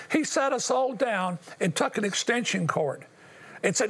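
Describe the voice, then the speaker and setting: A man's voice: sits high, lively intonation, normal speed, a bit bright, breathy edge. An older man giving an earnest, emotional personal testimony as an interview guest. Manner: earnest, emotional storytelling addressed to the host.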